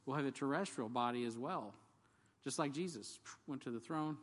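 At normal speed and medium pitch, a man gives a casual, joking sermon, quizzing the congregation and reading scripture out loud, with long hall reverb in the recording.

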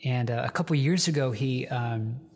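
Male pastor, casual storytelling sermon from home, mid-pitched, long reverb. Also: moderate pace, a little mellow. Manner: conversational, storytelling with many fillers and restarts. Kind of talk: informal sermon.

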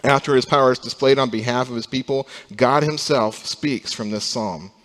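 A man's voice: mid-range voice, moderate pace. Man preaching in a reverberant hall. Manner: preaching with swells from quiet to loud emphasis. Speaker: pastor. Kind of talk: sermon.

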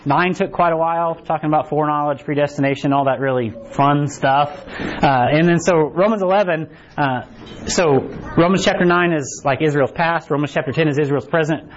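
Middle-aged male preacher with a high voice, chatty, acts out little quotes, dull lo-fi church recording. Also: fairly quick, a little hiss or hum. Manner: chatty, acts out quotes, keeps asking "right?". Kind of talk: casual conversational sermon.

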